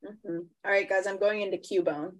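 A woman in casual chat with fellow tabletop game players, quick, joking and opinionated. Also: medium pitch, steady tone, poor audio.

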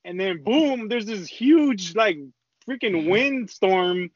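A man's voice: high-pitched, expressive, takes it slowly, slightly rough, dry recording. A young man telling a rambling, slang-heavy story in casual chat, with lots of swearing. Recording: dull lo-fi dry recording.

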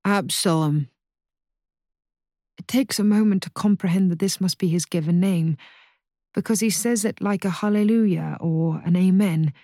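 A woman narrating a historical novel as an audiobook in a measured, even reading voice. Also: mid-range voice, dry recording, clean studio sound. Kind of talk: scripted narration.

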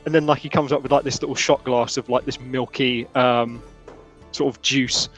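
A man's voice: mid-range voice, steady tone, moderate pace, fairly bright tone, faint music behind. Rambling man running a tabletop game. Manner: rambling, full of fillers. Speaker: game master.

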